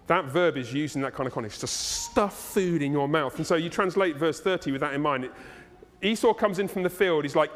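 A man preaching a sermon as pastor, animated and playful as he tells the story. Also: on the high side, fairly quick, a little hiss or hum. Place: church hall, live congregation. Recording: long reverb of a church hall.

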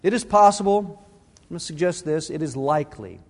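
A man's voice: fairly high pitch, animated, fairly quick, creaky, long reverb tail. A middle-aged man preaching a sermon, earnest and conversational, restarting his phrases as he talks. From Arizona. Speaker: pastor.

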